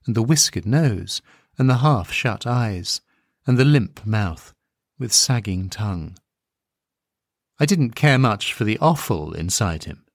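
Slow, lively-pitched male story narrator. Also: no echo, clean studio sound. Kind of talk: literary story reading.

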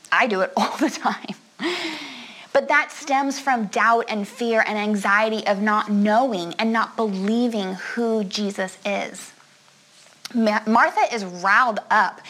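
A woman preaches in a relaxed, conversational way, and her voice sits a little high. She laughs easily and keeps checking in with her listeners as she talks. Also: poor audio. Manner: chatty and expressive, often laughing and asking "right?". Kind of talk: conversational sermon.

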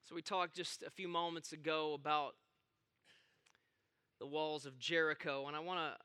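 A man's voice: on the high side, fairly even intonation, moderate pace, sharp tone, clear, resonant tone. A man preaching a sermon in a conversational tone that builds to emphatic points. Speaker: pastor.

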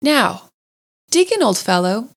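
A woman voicing a cheerful, sociable male water rat who talks in a hearty, brisk way. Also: a little high, big pitch swings, creaky, exaggerated voice.

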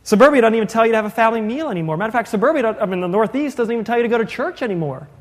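Male pastor, conversational sermon, highish voice, long hall reverb. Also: expressive. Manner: conversational, asks the congregation questions, quick jokey asides. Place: church sanctuary.

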